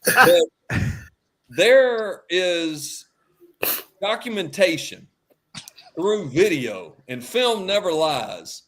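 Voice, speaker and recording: A man with a drawl spins a funny anecdote on a podcast. His voice sits high and bright and leaps up and down as he plays each character. He laughs his way through the punchlines. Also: extremely slow, pauses often. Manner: lively anecdotal delivery, acts out quotes, laughs often. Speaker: podcast guest, former quarterback. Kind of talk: animated storytelling.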